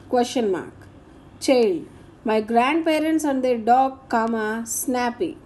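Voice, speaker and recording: A woman, speaking as a teacher. She goes through grammar exercises in a slow, deliberate dictation, naming each answer and punctuation mark. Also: on the high side, animated, a little mellow.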